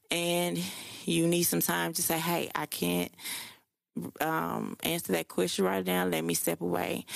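Gravelly, casual woman podcaster. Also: fairly low pitch, no room sound. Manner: loose, profane and chatty, with slang and fillers. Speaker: podcast host. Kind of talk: casual solo podcast talk.

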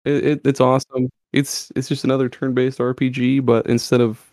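A man's voice: medium pitch, level tone, fairly quick, a little mellow, no echo, studio quality. A man hosting a podcast, chatting loosely with lots of swearing and stumbling restarts. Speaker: podcast host. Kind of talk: casual chat.

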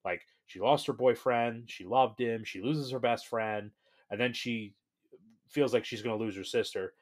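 A man co-hosting a casual podcast chat, talking in an animated way and acting out scenes. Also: mid-range voice, moderate pace. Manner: animated, laughing, acts out scenes. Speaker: podcast co-host.

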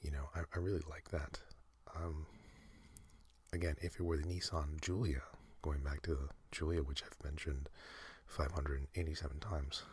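A man hosting a sleep podcast, talking in a soft breathy whisper, slow and meandering with many fillers. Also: very deep voice, little pitch movement, dry recording. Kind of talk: rambling whispered sleep talk.

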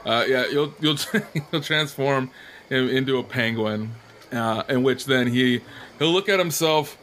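A man running a tabletop game as game master, narrating with hesitant pauses and fillers. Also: mid-range voice, fairly bright tone, slight background noise.

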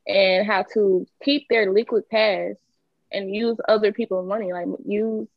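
A woman's voice: mid-range voice, fairly even intonation, unhurried, no echo, highs cut off. A woman advising on credit in casual chat, explaining steps plainly.

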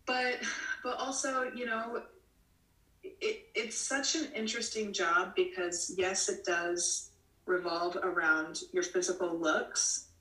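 A woman's voice: mid-range voice, fairly even intonation, slow, bright, forceful tone. A woman from the United States, a model in her late twenties or thirties, answering interview questions in a rambling way full of "you know" and restarts. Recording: roomy, from a distance.

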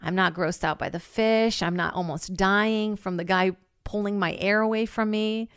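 A woman hosting a podcast, telling a funny story in a lively, casual way, swearing freely and acting out what people said. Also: medium pitch, normal speed, smooth, no room sound, clean studio sound. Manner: animated, swears freely, acts out quotes. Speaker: podcast host.

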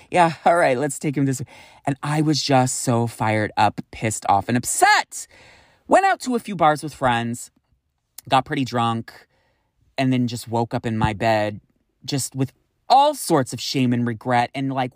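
A young man telling a candid personal story to his viewers, animated and swearing freely. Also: medium pitch, moderate pace, no echo, clean studio sound. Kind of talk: storytime vlog.

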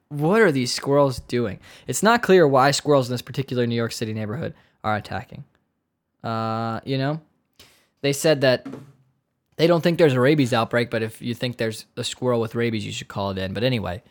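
Joking, profane male podcast host. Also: mid-range voice. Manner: joking, profane, mock-dramatic asides. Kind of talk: casual solo podcast commentary.

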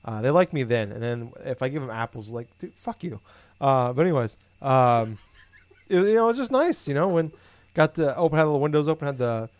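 Casual male co-host, mid-pitch, profane and rambling, dry close sound. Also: a little fast, dry recording. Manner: rambling, profane, animated storytelling. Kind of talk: casual chat.

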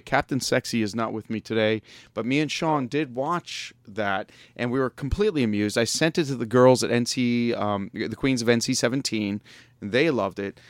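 A man's voice: mid-range voice, no room sound. A man hosting a casual radio chat, joking and laughing often. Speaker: podcast host.

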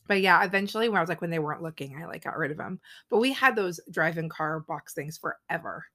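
Speaking fast in a fairly low voice, a woman in her thirties co-hosts a podcast and chats casually. She's chatty and animated when quoting people, and she scatters "like" all through her stories.

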